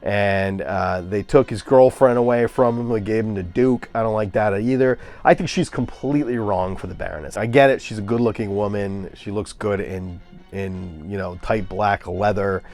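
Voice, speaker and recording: A man's voice: fairly low pitch, fairly even intonation, moderate pace, darkish tone, soft background music. Ranting man reviewing movies. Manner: ranting, scoffing, many fillers and restarts. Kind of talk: casual opinionated review.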